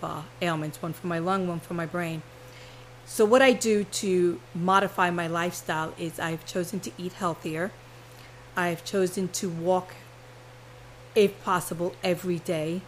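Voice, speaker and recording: A woman guest on a live radio show, earnest and hard to stop, speaking in a low voice. She is short of breath and a little hoarse, with coughs breaking through. A faint hum sits behind her. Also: low-quality recording. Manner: earnest, talks without pausing. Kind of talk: casual radio interview.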